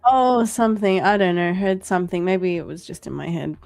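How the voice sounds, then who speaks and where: A woman's voice: lowish voice, animated, fairly quick, vocal fry, a little mellow, faint music behind. Playful laughing woman hosting a stream. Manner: playful, laughs often, reads chat aloud. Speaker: trading stream host. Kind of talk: casual live-stream chat.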